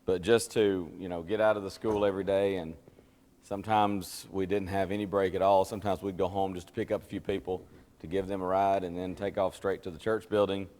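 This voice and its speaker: A man talks in a relaxed, storytelling way before a Bible class, tired and quick to laugh at himself. His voice sits on the low side. The sound carries a long reverb, like a big hall. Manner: chatty, self-deprecating, laughs at his own stories. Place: church classroom.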